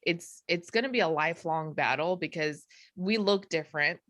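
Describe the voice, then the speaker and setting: A woman comedian in a casual interview, talking in an animated, rambling way with frequent laughs. Her voice is bright and forward. The sound is dry and close. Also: lowish voice, normal speed, no echo. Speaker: comedian guest.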